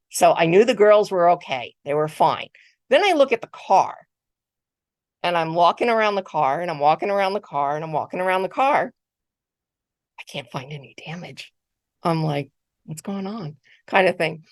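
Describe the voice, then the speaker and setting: A middle-aged woman giving a motivational keynote, telling a personal story in a conversational, animated way and often repeating words. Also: fairly low pitch, no echo, clean studio sound. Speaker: keynote speaker. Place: virtual conference talk.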